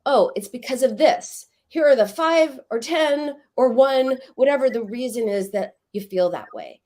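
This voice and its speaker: Middle-aged woman talking therapy in an interview, lively storyteller, slips into voices for examples. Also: sits high, moderate pace. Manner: animated storytelling, acts out quoted voices. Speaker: psychoanalyst guest. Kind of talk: interview conversation.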